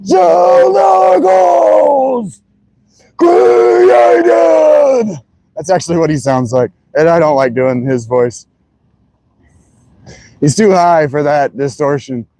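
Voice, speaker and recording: A man's voice: mid-range voice, measured pace, long pauses, a little mellow, slight background noise, poor audio. A man streaming, chatting casually and loosely, swearing as he muses aloud. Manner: loose and profane, musing aloud. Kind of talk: casual chat.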